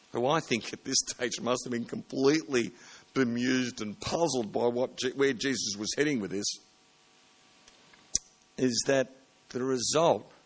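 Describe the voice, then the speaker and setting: Man preaching a relaxed sermon. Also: mid-range voice. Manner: plain conversational preaching with self-corrections. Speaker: pastor.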